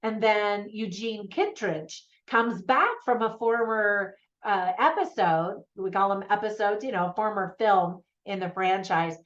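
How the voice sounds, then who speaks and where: A woman's voice: mid-range voice, unhurried, hardly any pauses, fairly bright tone. A woman giving a casual, enthusiastic spoken film review as host, laughing often. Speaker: movie reviewer. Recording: slightly dull lo-fi sound.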